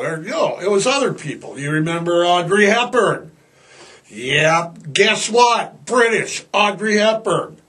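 A man's voice: high-pitched, fairly bright tone. A middle-aged man hosting a podcast in casual, rambling chat, slipping into playful put-on voices. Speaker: podcast host.

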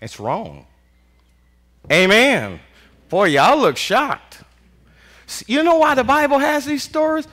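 A man preaching a sermon as pastor, in animated call-and-response style with constant "Amen" and casual vernacular with "y'all". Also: extremely high pitch, slow, pauses often. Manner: Southern US Black vernacular speech, "y'all".

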